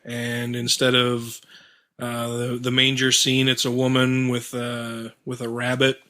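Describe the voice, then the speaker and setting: A man on a podcast, firing off sarcastic, emphatic questions in casual talk. His voice is bright and forceful at a middle pitch. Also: monotone, a little slow. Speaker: podcast co-host. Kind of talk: casual chat.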